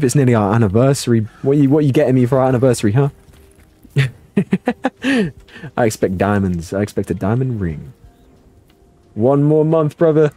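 A young man doing live gameplay commentary, playful and excitable, reading chat and yelping at the action. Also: normal speed, long pauses. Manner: playful and excitable, jumping to high yelps. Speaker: streamer.

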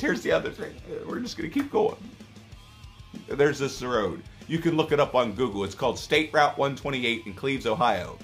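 A man ranting in a video, swearing heavily and swinging between angry shouting and low, exasperated muttering. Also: big pitch swings, moderate pace, soft background music. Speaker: YouTuber. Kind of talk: profane rant video.

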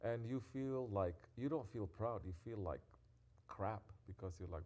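A man giving a sermon as a sheikh, who moves between quiet, intimate reflection and loud, scolding exhortation and drops Arabic devotional phrases into his talk. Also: fairly low pitch, a little slow.

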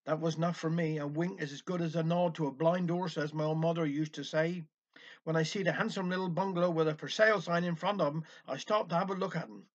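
High-voiced dialect storyteller man. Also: steady tone, quick pace. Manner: chatty folksy narration with old sayings. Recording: dull lo-fi recording.

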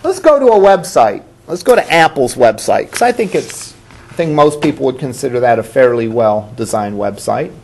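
Lively man lecturing a college class. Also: medium pitch, moderate pace, vocal fry. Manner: conversational, asks the class questions, repeats students' answers. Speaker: college instructor.

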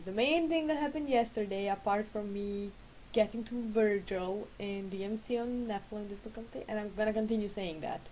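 A woman's voice: medium pitch, darkish tone, slight background noise, rough recording. A woman in her late twenties, a gaming vlogger just out of bed and sleepy, chatting casually in a rambling, self-correcting way at home. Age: late 20s. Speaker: vlogger and gamer. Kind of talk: casual chat.

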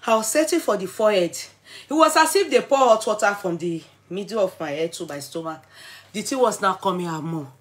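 A middle-aged woman with a Nigerian accent tells a personal story to camera in a vlog, dramatic and animated, switching between English, pidgin and Yoruba. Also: mid-range voice, fairly quick. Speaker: vlogger.

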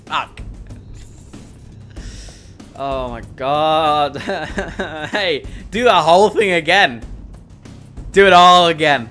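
Bright high-voiced man yelling. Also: expressive, extremely slow, long pauses, soft background music. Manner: exasperated, swears constantly, yells at enemies. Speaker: streamer. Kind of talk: gaming commentary.

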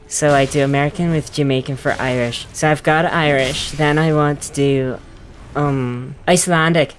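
A woman hosting a casual gameplay video, rambling and self-deprecating, with frequent giggles. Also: sits low. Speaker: gaming video host.

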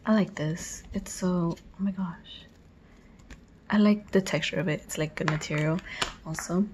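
A woman vlogging an unboxing, gushing with excitement and often dropping into breathy whispered exclamations. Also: on the low side, unhurried, a little hiss or hum. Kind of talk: unboxing video.

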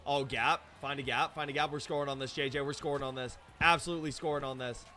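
A young man giving live gameplay commentary, excitable and self-deprecating, breaking into shouts when plays go wrong. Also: medium pitch, quick pace, very noisy. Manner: self-deprecating, hard on himself. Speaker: gaming YouTuber.

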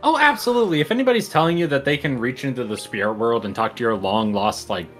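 A woman's voice: rumbling low, expressive, fast talker. A woman chatting casually over a game, joking crudely and cursing. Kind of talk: casual gameplay chat. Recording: game music behind.

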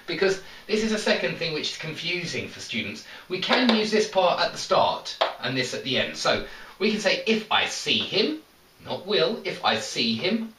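A man teaching an English grammar lesson, explaining slowly and stressing each example sentence. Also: a little high, a bit bright, a little hiss or hum. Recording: echoey room, mic at a distance.

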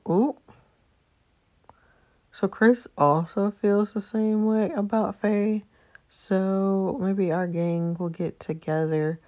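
A woman's voice: lowish voice, a little mellow. A woman streaming a story game, chatting casually and reacting aloud as she plays. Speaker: gameplay streamer. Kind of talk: casual let's-play commentary, reading characters aloud.

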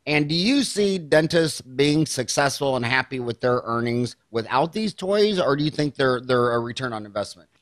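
An older man from Kansas hosting a podcast interview, asking blunt, animated questions. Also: medium pitch, moderate pace, hardly any pauses, dry recording. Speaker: podcast host. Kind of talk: casual interview.

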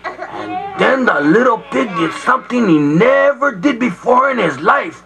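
High, lively man telling a silly tale. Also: a little slow, gravelly, low-quality recording. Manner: loose, laughing childlike storytelling with playful voice jumps. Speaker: storyteller. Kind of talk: comedy record storytelling. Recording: vinyl record with faint noise.

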